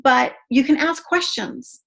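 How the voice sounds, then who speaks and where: A woman leading an online team training, chatty and excitable, often saying "you guys.". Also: high-pitched, measured pace, creaky. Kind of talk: online video call training. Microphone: video call.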